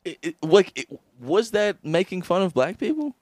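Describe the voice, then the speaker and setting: Goofy young man with lively pitch. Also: moderate pace, no echo. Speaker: podcast co-host. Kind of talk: casual podcast banter. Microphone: close podcast microphone.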